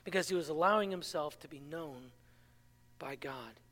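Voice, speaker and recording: A man's voice: a little high, moderate pace, a bit bright, big-room sound. A man preaching a sermon as pastor, impassioned, with rhetorical questions and self-mocking humor. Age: adult, married.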